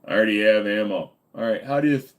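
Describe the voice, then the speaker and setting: Tired dizzy guy on a late livestream, kinda low voice, cracking crude jokes, rambling. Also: quick pace. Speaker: livestream host. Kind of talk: casual live-stream chat answering viewers.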